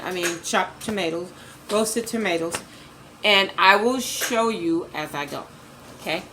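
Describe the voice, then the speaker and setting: A woman's voice: on the low side, pushed and bright, slight background noise, low-quality recording. A woman giving a casual cooking demo from her home kitchen, chatting to viewers as she adds each ingredient. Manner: chatty, addresses viewers as "you guys"; repeats ingredient names as she adds them. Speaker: cooking vlogger.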